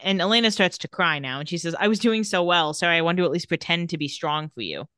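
Woman recapping a show, low dry voice. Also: quick pace, clean tone, dry recording. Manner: retells scenes and reads quotes in a flat voice. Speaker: podcast co-host. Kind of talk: casual recap chat.

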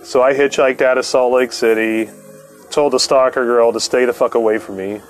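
A man's voice: medium pitch, fairly even intonation, normal speed, faint music behind. A man, the host, telling a long personal story in a casual, profane way, laughing often and acting out what others said. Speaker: podcast host.

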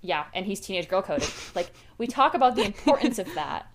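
A young woman co-hosting a podcast, chatting casually, animated and quick to laugh. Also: mid-range voice, slight background noise. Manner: animated, laughs often, riffs on jokes. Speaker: podcast co-host. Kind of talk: casual chat.

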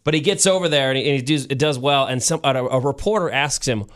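A man's voice: mid-range voice, quick pace, fairly bright tone. A man co-hosting a talk show, retelling a TV episode in a casual, storytelling way. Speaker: radio show co-host. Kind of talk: casual chat.

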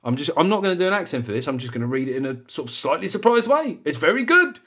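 A man's voice: on the high side, very animated, racing, fairly bright tone, husky. A man from Britain hosting a podcast, chatting casually and reading out listener reviews in a wry, self-mocking way, often laughing. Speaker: podcast host.

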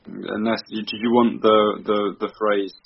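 A man co-hosting a podcast in casual chat, relaxed and dry. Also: on the low side, measured pace, creaky, muffled recording, slight background noise. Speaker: podcast co-host.

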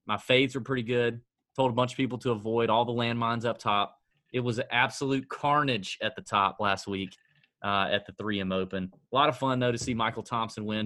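A man with a fairly low voice hosts a casual podcast, joking and teasing himself as he goes. The recording is dry and close, with no room sound. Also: pushed and bright, no echo. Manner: joking, fast-talking, self-mocking. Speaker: podcast host.

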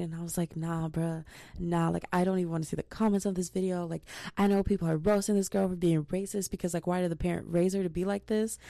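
A woman's voice: on the low side, gravelly, no echo, studio quality. A young woman hosting her own podcast, chatting casually and telling gossipy stories with lots of slang and energy. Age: young adult. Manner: gossipy, animated, slangy storytelling. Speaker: podcast host. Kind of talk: casual solo podcast chat.

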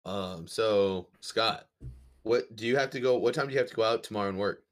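A man's voice: on the low side, a little fast. A young man hosting a podcast over a video call, teasing his co-hosts, laughing often and swearing. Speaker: podcast host. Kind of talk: casual banter.

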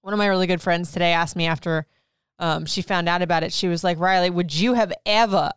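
A woman's voice: fairly low pitch, fast, clear, resonant tone, no room sound, clean studio sound. A woman in her thirties hosting a show, chatting candidly and laughing as she tells personal stories to her partner. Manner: candid, laughing, lively storytelling. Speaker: podcast host. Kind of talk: casual personal chat.

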